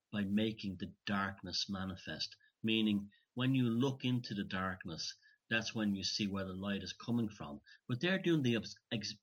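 A low-voiced man with a husky tone speaks in a casual conversation. His sound is dull and muffled, and he talks earnestly, often breaking off and starting his sentences again. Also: a bit bright. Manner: earnest and searching, trailing off into restarts. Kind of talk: casual chat.

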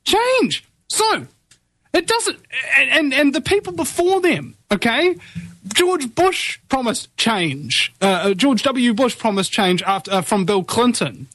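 A man's voice: very high-pitched, animated, unhurried, fairly bright tone, no echo. A man with a New Zealand accent, ranting heatedly about politics in casual chat and swearing freely.

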